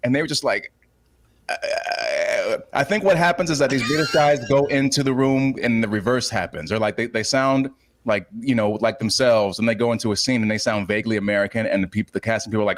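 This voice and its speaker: A man's voice: mid-range voice, a little fast. A man, a former actor, guesting on a casual panel chat and ranting as he tells a story.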